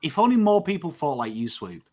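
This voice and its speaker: An Australian man talks on a podcast with real feeling, pressing his points hard and dropping swear words as he goes. His voice sits a little higher than most men's. He slips into the voices of his mates when he quotes them. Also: very animated, fairly quick, a little mellow. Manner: emotive, emphatic, swears freely; acts out quotes of mates in conversation. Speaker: podcast co-host. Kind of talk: casual podcast chat.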